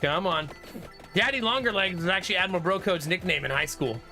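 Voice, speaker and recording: A man's voice: sits high, a little fast, sharp tone, faint music behind. A man streaming a game, chatting casually with his viewers, laughing often and answering their comments. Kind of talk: casual live-stream chat.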